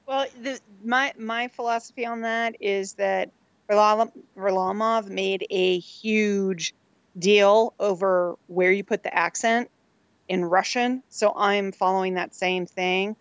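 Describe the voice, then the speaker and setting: A woman's voice: mid-range voice, fairly even intonation, takes it slowly, clean tone, no echo, lo-fi sound. A woman co-hosting a casual sports podcast, enthusiastic and playful in her opinions. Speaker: podcast co-host.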